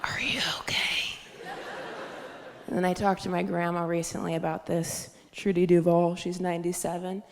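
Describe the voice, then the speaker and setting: A young adult woman doing a stand-up set on stage, telling stories deadpan and slipping into squeaky voices for quoted people. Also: brisk, gravelly, hardly any pauses, background noise. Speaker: stand-up comedian. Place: live comedy stage, audience laughter. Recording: live stage mic in a hall.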